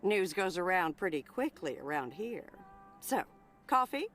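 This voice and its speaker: A woman's voice: on the low side, sing-song, measured pace, over a noisy crowd. A woman voicing a chatty, doting middle-aged woman who runs a diner, in a put-on American Southern accent, calling everyone hon. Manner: folksy, doting, calls people hon.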